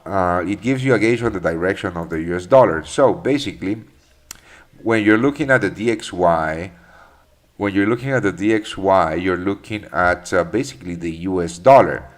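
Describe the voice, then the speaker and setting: A man's voice: low-pitched, normal speed. A man hosting a live trading stream, answering chat questions in a loose, profane way with many fillers and restarts. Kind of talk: casual live market commentary.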